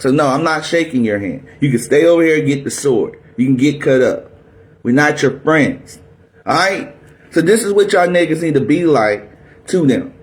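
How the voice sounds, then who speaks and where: A man preaching a fiery, aggressive sermon, barking at his listeners in a confrontational, drill-sergeant manner. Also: fairly high pitch. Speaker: preacher teaching scripture.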